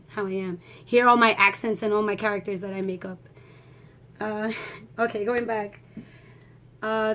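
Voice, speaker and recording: A young woman giving a rambling, excitable movie review, swearing freely and talking in a casual way. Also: mid-range voice.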